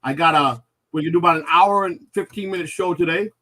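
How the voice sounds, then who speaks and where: A man's voice: on the high side, fast talker, pushed and bright. A man hosting a live comedy talk show, talking casually with lots of fillers and restarts. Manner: rambling, filler-heavy. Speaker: host.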